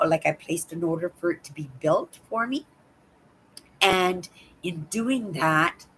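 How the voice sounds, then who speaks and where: An older woman with a hoarse voice, chatting in a rambling way on her live stream from home and repeating words. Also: lowish voice, sharp tone, a little hiss or hum, rough recording. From Canada. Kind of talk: casual chat. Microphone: laptop.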